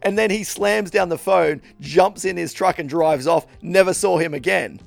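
A man's voice: high voice, normal speed, vocal fry, dry recording. A man co-hosting a podcast, telling comic stories with frequent laughter and swearing, often tripping over his words. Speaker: podcast co-host. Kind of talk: casual chat, comic storytelling.

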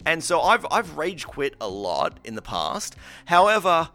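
Lively, bright-voiced man telling stories. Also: fairly high pitch, unhurried. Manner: animated storyteller, acts out his own quotes. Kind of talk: casual chat.

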